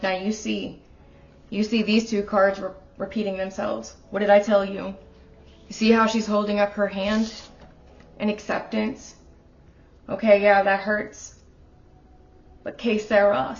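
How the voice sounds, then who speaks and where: A woman with a creaky, medium-pitched voice gives a casual tarot reading in her apartment. She speaks straight to the viewer in an earnest, heartfelt, emotional way. The home recording sounds slightly dull and lo-fi.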